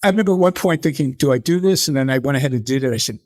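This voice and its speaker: An older man, a guest in an interview, telling animated stories and acting out the people he quotes. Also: mid-range voice, very fast, no echo, studio quality. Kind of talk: conversational interview storytelling.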